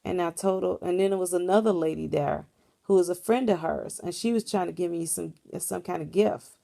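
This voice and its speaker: A woman with a fairly low, gravelly voice tells a dream to the camera, rambling and earnest. She talks casually, like a vlogger speaking off the cuff. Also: fairly quick, warm tone. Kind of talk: casual spoken recounting of a dream.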